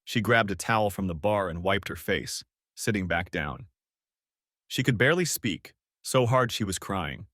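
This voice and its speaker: Male audiobook narrator, dramatic first-person telling, lively pitch, dry close sound. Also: moderate pace, dry recording. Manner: dramatic, emotional storytelling.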